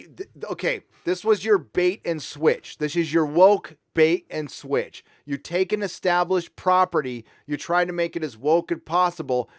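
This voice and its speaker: A man's voice: on the high side, no room sound, studio quality. A middle-aged man from Southern California hosting a livestream, ranting in a casual, profane, rambling way with frequent restarts. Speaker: livestream host reading super chats.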